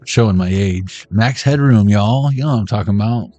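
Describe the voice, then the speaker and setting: A middle-aged man chats through a card reading in a loose, joking way, tossing out quick pop-culture asides. His voice sits on the low side and sounds close and dry. Soft music plays quietly behind him. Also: no echo, dull audio. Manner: playful, riffing jokes and pop-culture asides. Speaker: card reader streaming to viewers. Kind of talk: casual joking live reading.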